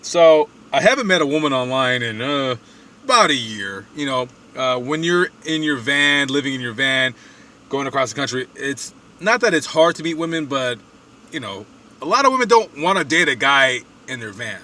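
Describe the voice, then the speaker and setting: Bright-voiced man rambling through a story. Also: mid-range voice, animated, moderate pace, a little hiss or hum. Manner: rambling, loose storytelling with many fillers and quoted asides. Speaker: van-dwelling traveling vlogger. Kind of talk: casual storytelling monologue. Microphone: phone camera. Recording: voice slightly distant from the mic.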